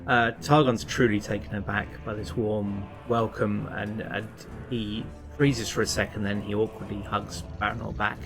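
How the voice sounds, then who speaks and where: A man's voice: fairly low pitch, little pitch movement, moderate pace, few pauses, over music. A man playing a tabletop game, narrating his character in a plain, hesitant way. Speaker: player.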